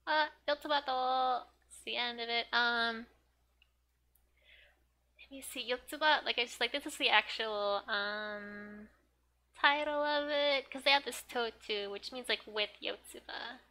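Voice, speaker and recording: A young woman teaching Japanese from a manga in a chatty, giggly way, full of "like", sometimes muttering softly as she looks up words. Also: on the high side, unhurried. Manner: chatty, giggly, filler-heavy with frequent "like". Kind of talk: casual manga study lesson.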